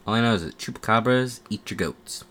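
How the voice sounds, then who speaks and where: A man's voice: on the low side, brisk, fairly bright tone, slight background noise. A man co-hosting a podcast in casual chat, with playful, jokey reactions. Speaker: podcast co-host.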